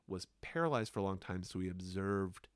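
A man hosting a podcast, speaking in a slow, reflective monologue with unhurried, hypnotic pauses. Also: low-pitched, lively intonation, clear, resonant tone, no room sound, clean studio sound.

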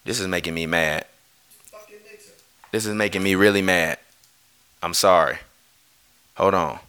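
A man's voice: low-pitched, steady tone, unhurried, pauses often, sharp tone, clean tone. A man ranting on a live stream, heated and swearing, often breaking off to apologize. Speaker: streamer ranting about basketball.

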